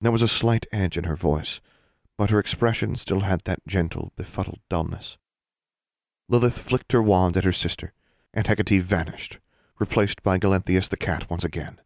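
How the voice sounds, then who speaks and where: Male audiobook narrator, very low voice, dry close sound. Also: normal speed, gravelly, dry recording. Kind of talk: scripted narration.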